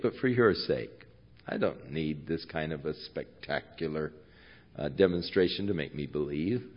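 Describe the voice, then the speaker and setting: Casting: man slow deliberate preacher, sermon expounding scripture, dull lo-fi sound. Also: lowish voice. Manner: expository preaching, swings from hushed to loud.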